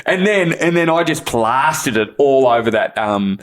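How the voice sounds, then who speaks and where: A man spins a yarn as a guest on a chat podcast. He swears freely and laughs along with his own story. His voice sits at an ordinary middle pitch. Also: expressive, normal speed. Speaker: guest, bodyboarder. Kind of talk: casual storytelling.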